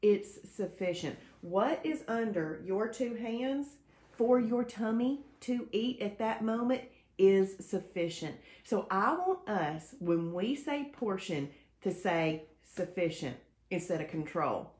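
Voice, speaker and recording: Speaking slowly and animatedly in a darkish mid-range voice, a woman runs a faith-based weight-loss livestream. She cheerfully welcomes viewers by name, reads out their comments and weaves in devotional teaching, all in an echoey room.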